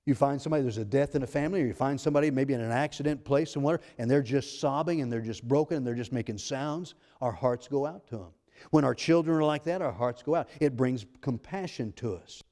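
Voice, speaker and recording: A man preaching a sermon as pastor, reading scripture slowly and preaching emphatically. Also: medium pitch, mellow. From United States.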